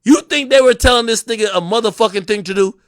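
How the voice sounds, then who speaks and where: A young man ranting on a livestream, animated and profane, with frequent restarts. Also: very high voice, fast, dry recording, clean studio sound. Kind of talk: casual livestream rant.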